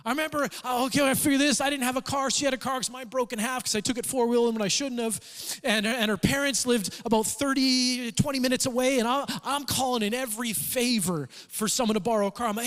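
A man preaching a sermon, telling stories with acted-out quotes in an animated, conversational way. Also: extremely high pitch, quick pace. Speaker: pastor. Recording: reverberant church hall.

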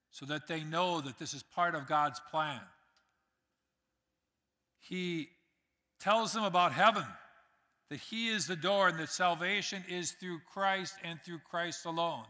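A man's voice: fairly high pitch, pushed and bright. A man preaching a sermon as pastor, conversational and direct with the congregation, acting out quotes. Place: church sanctuary. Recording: reverberant church hall.

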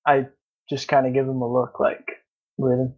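A man's voice: mid-range voice, completely flat delivery, moderate pace, highs cut off, background noise. A man playing a tabletop game, chatting and asking questions hesitantly. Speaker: player.

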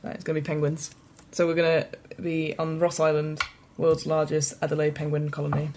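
Woman, lowish voice, casually explaining game rules, faint hiss behind. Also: completely flat delivery, a little fast. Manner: explaining with many restarts. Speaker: game organiser. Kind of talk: casual tabletop game chat.

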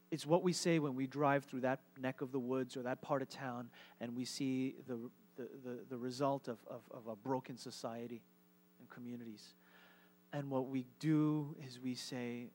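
Male pastor, live sermon, easygoing and conversational, stumbles over repeated words, mid-pitched. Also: steady tone, moderate pace, a little mellow. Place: church service with congregation.

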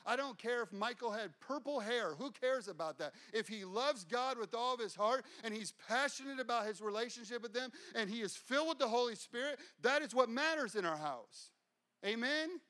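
A man's voice: very high-pitched, expressive, normal speed, pushed and bright. A man preaching a sermon as pastor, fervent and repeating phrases for emphasis.

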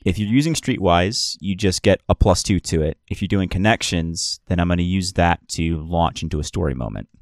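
A man's voice: low-pitched, a little fast, few pauses, dry recording, clean studio sound. A man narrating as game master of a tabletop game, loose and rambling with many restarts.

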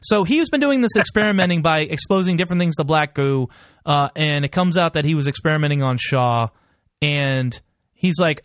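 Male podcast co-host, slightly high voice, dry close recording, animated scene recaps. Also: normal speed, dry recording. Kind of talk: casual film discussion.

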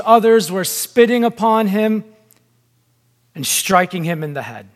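A man delivers a sermon with a fairly high voice, taking his time over each phrase. He preaches in a deliberate, emphatic manner and pauses often between phrases. The sound carries a long reverb, as in a large church hall. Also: expressive.

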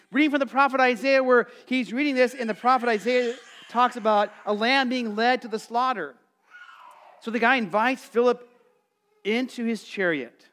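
A middle-aged male pastor preaching a sermon in a conversational, animated way, acting out quotes and calling on the congregation to answer. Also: very high-pitched, normal speed. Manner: calls for congregation responses.

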